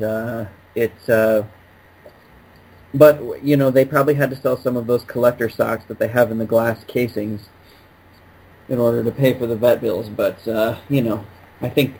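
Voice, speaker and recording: A man's voice: mid-range voice, a little mellow, slight background noise, poor audio. A man co-hosting a podcast, chatting casually in a jokey, rambling way. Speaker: podcast co-host. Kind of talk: casual chat.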